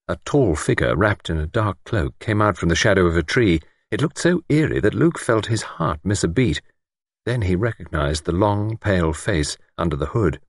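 Male narrator, low and husky, dry close mic. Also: sing-song, moderate pace, no echo. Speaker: audiobook narrator. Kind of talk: scripted narration.

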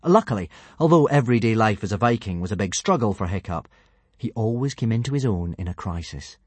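A male narrator reads a children's adventure story with playful energy. His voice is low and slightly husky, and the pitch rises and falls in a lively way. The recording is dry and close. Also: a little fast, no echo. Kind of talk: audiobook narration.

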